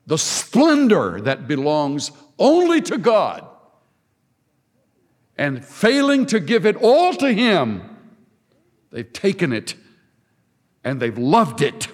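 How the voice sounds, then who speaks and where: Man, preacher, sermon, slow deliberate delivery, emphatic, long hall reverb. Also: on the high side. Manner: emphatic, swings between hushed and ringing.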